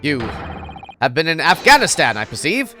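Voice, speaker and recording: A woman's voice: deep voice, sing-song, moderate pace, over music. A woman voicing a boastful, eccentric male detective with a put-on transatlantic accent, declaiming theatrically. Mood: pompous. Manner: theatrical, self-satisfied declaiming. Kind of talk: game dialogue read aloud.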